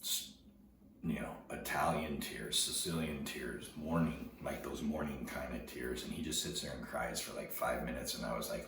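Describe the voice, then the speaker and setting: A middle-aged man telling a personal story in a halting way, often repeating words as he recalls events. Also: very deep voice. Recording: very echoey room, distant mic, noticeable background noise.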